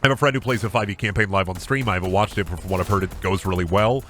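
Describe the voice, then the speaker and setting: A man's voice: sits low, fairly even intonation, very fast, a bit bright, soft background music. A man streaming a game, chatting casually in a rambling, silly, self-deprecating way. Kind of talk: casual chat while gaming.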